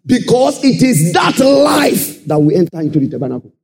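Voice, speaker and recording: A man preaching a sermon, calling out to the congregation and swinging into shouted and half-sung phrases. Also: high voice, moderate pace, creaky, soft background music. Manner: animated call-and-response preaching, sudden shouts and sung phrases.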